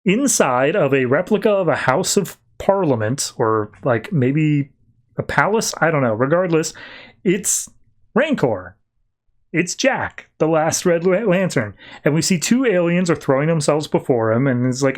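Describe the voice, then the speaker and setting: A man's voice: on the high side, very animated, unhurried. A man hosting a podcast, casually recapping a comic with lots of fillers. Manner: chatty, many "like" fillers. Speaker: podcast host.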